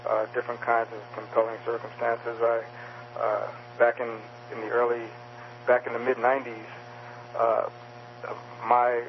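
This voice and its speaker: A man's voice: mid-range voice, monotone, normal speed, long pauses, muffled recording, slight background noise. A male author interviewed about his book, speaking with frequent fillers and restarts. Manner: hesitant, many fillers and restarts. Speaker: author guest.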